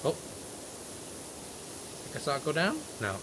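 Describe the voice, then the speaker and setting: A man giving casual, chatty gameplay commentary, laughing often and swearing lightly, his voice a little hoarse. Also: a little high, very animated, unhurried, noisy background. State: slightly hoarse. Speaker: gaming channel host.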